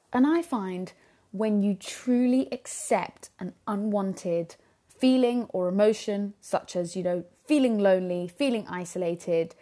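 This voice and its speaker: A woman's voice: mid-range voice, warm tone. A young adult woman talking earnestly on her own podcast about parenthood, reflective and full of "you know"s, into a microphone. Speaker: podcast host. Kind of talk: solo podcast talk.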